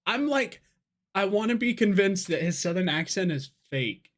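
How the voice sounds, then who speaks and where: A man's voice: sits high, animated, moderate pace, a bit bright. Tipsy, profane young man podcaster. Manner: rambling, profane, laughing often. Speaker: podcast co-host. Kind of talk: casual drinking podcast chat.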